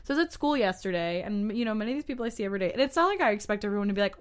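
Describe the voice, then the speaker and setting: A woman's voice: medium pitch, animated, rapid-fire, hardly any pauses. A young adult woman co-hosting a podcast, chatting casually and laughing often as she tells stories. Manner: giggly, chatty storytelling. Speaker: podcast co-host. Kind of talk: casual chat.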